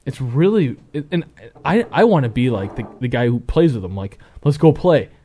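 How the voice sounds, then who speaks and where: A man in his thirties chatting casually, telling animated stories about his young son and acting out bits. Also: medium pitch, moderate pace. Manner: animated storyteller, acts out scenes with shouts. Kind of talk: casual chat.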